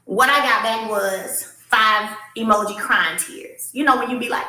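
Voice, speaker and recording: A woman's voice: on the high side, moderate pace, hardly any pauses, bright, forceful tone, far from the mic. A woman talking casually to her viewers, emphatic and repeating her points as she reads messages aloud. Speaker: vlogger responding to a castmate. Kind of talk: casual vlog commentary. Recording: echoey room, voice off-mic.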